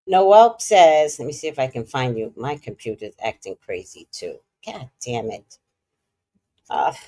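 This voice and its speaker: Brief: woman vlogger, casual chat, scolds the cat, swears a lot, swings from loud to muttered, animated and unhurried. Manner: scolding a cat between remarks to viewers, frequent swearing; swings between loud exclamations and low muttering.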